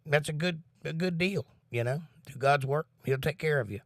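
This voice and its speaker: This man runs a laid-back home livestream, speaking sincerely about faith and reading comments from his viewers. His fairly high voice keeps a normal speed, recorded at studio quality with no echo.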